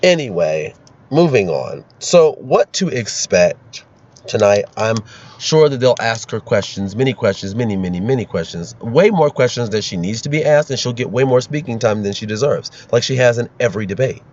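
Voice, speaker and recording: A man's voice: medium pitch, expressive, moderate pace, darkish tone. A man hosting his own political commentary, sarcastic and ranting, laughing at his own jokes. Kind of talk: opinionated solo commentary. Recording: dull lo-fi recording.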